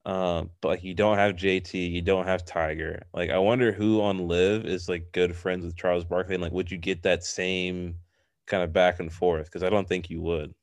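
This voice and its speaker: A man's voice: sits low, little pitch movement, moderate pace, no room sound. A man co-hosting a casual podcast, rambling and chatty, filling his talk with "like". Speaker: podcast co-host. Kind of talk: casual chat.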